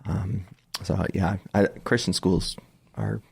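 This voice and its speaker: Deep husky male pastor co-host. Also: steady tone, slow, a little mellow, no echo. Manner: rambling, hesitant with many fillers, laughs easily. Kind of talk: casual conversation.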